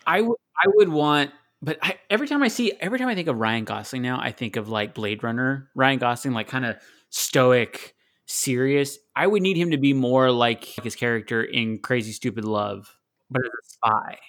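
A man's voice: medium pitch, expressive, normal speed, fairly bright tone. Man musing in a casual chat. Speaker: podcast co-host.

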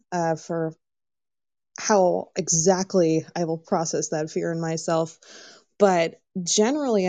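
A woman's voice: fairly low pitch, mellow, dry recording. A woman guest in casual chat, frank and candid, with the odd curse word. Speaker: podcast guest.

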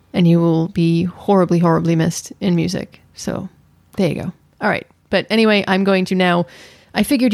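A woman's voice: lowish voice, gravelly, a little mellow, no echo, studio quality. A woman co-hosting a podcast, chatting casually and with playful insistence as she reviews a series. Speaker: podcast co-host.

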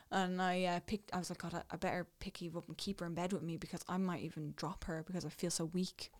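A young woman with an Irish accent, casually telling a personal story, dropping to a hush and then getting excited. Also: lowish voice. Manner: animated, swings between hushed and excited. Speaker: new mother telling her story.

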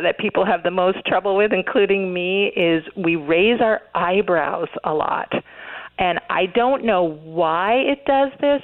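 A woman being interviewed, talking earnestly with many fillers and restarts. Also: lowish voice. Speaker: interview guest, author. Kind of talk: radio interview, conversational. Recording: phone-line interview audio.

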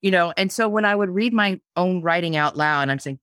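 A woman's voice: lowish voice, fairly even intonation, normal speed, hardly any pauses, fairly bright tone, smooth, dry recording, clean studio sound. A woman guest on a podcast interview, talking casually about her craft, with frequent restarts and repeated words. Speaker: guest, blogging teacher.

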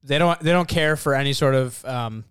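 A man's voice: medium pitch, normal speed, smooth. A young man co-hosting a podcast, chatting casually, laughing a lot and whooping. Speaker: podcast co-host.

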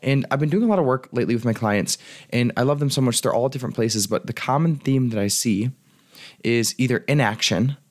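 A man's voice: medium pitch, brisk. A male coach talking through a solo podcast monologue, casual and earnest, with the odd swear word. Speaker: life and business coach.

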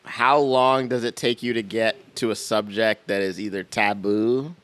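A young man with a lowish voice, chatting on a podcast. He is laid-back and teasing, and he laughs easily. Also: fairly even intonation, a little slow, fairly bright tone. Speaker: podcast co-host. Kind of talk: casual chat.

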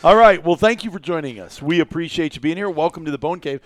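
A man with a slightly high voice talks fast while hosting a casual podcast from a small media room at his business. He rambles and jokes, using lots of fillers. The studio-quality recording has no echo.

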